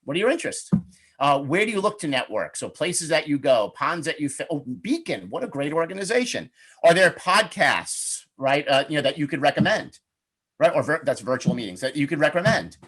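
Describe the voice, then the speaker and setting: Middle-aged guy, fairly high voice, chatty upbeat webinar coach. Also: sing-song, fairly quick, fairly bright tone, husky. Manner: chatty and upbeat, acts out sample questions. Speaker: webinar presenter, networking coach. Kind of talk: conversational webinar talk.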